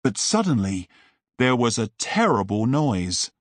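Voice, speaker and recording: A man narrating a simple audiobook for English learners in a clear, deliberate and expressive way. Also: mid-range voice, dry recording.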